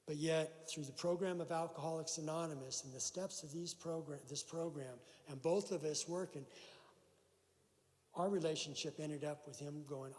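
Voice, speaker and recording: A man's voice: on the high side, fairly even intonation, normal speed, a little mellow. A man telling a personal story at a recovery meeting in a church hall, acting out the voices of the people in it. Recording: long hall reverb.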